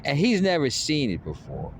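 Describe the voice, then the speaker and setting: A man's voice: a little high, huge pitch swings, normal speed. Guy on his phone trash talking a fight, cocky and teasing, voice all over the place, a bit of car hum behind. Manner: boastful, swaggering, playfully taunting. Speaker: vlogger. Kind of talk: rambling fight trash talk.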